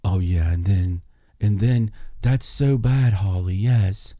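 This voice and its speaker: Guy mocking a fake psychic man, whispery sugary voice, slow and soft. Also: sits low, dry recording, studio quality. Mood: syrupy. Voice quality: soft whispery sweet-talking. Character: phony male psychic, breathy syrupy public persona.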